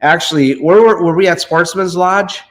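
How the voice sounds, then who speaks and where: A man's voice: high voice, normal speed, poor audio. Chatty man rambling through a fishing story. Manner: rambling storyteller, searching for names. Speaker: host. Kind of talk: casual chat.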